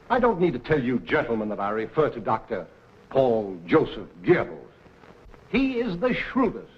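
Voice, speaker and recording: A man's voice: fairly high pitch, slightly rough, exaggerated voice. An actor playing an impassioned newspaper publisher warning his colleagues, oratorical, in 1940s film acting on dull lo-fi old film sound. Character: impassioned anti-Nazi newspaper publisher, middle-aged man.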